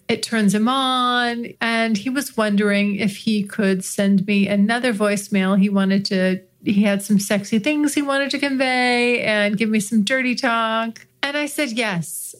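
Relaxed American woman podcast host. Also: fairly high pitch. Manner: relaxed, chatty, laid-back. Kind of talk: casual podcast chat. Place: office. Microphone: recording sideways into a studio mic while reclined.

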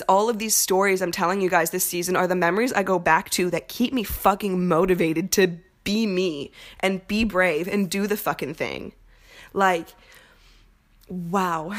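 A young woman hosting a podcast, telling a personal story in a candid, profane, animated way. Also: medium pitch. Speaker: podcast host. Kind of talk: casual storytelling monologue.

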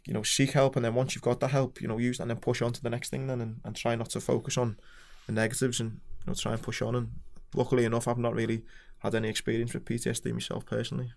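Fast-talking Scouse man, flat delivery. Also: mid-range voice, vocal fry. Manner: frank, storytelling, dark humour. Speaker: podcast guest, former Royal Marine. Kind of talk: casual chat.

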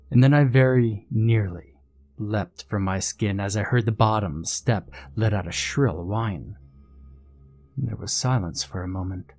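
A man reads a horror story in a measured, suspenseful manner. His voice sits low and he takes his time over each line. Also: darkish tone. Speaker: narrator. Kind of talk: scripted horror story narration.

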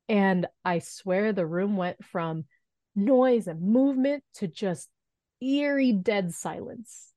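A woman in her thirties telling a story as a podcast guest, animated and acting out the voices she quotes. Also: medium pitch, a little slow, no room sound, studio quality. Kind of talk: storytelling in an interview.

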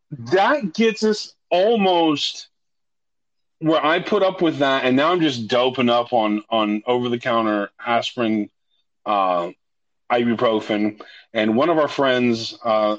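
A man's voice: mid-range voice, dull audio. A man casually telling a personal story, correcting himself often and swearing freely. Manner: profane, self-correcting, animated when retelling dialogue. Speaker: storyteller recounting a personal ordeal.

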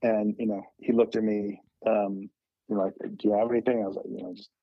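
A man's voice: fairly low pitch, flat delivery, a little fast, gravelly, slightly rough, no echo, lo-fi sound. Middle-aged man guest, rambling anecdotes with many fillers, dry close-mic sound. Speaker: podcast guest, mental health advocate. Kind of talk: casual conversation, storytelling.

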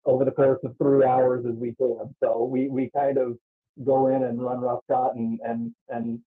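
A man's voice: mid-range voice, flat delivery, normal speed. A man calling in as a wrestling promoter guest, talking hesitantly and repeating his words. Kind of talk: phone-in interview. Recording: tinny phone line.

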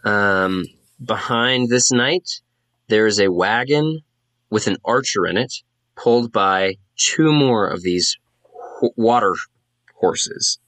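A man's voice: fairly low pitch, lively intonation, slow, a bit bright, no echo. A man narrating a tabletop game as game master, casual and full of fillers.

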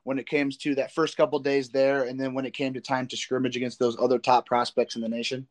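A man's voice: mid-range voice, little pitch movement, quick pace, slight background noise. A man from the Midwest hosting a podcast, asking long rambling questions with many repeats and restarts. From American Midwest. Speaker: podcast host. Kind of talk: casual interview questions.

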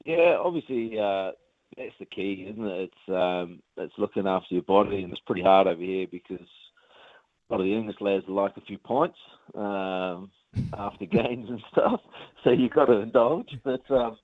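A man's voice: lowish voice, moderate pace, no room sound. A man with a New Zealand accent, a rugby player chatting casually in an interview, rambling with plenty of ums. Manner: relaxed, rambling, lots of ums and uhs. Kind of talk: casual interview over the phone. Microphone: phone. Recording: tinny dry phone line.

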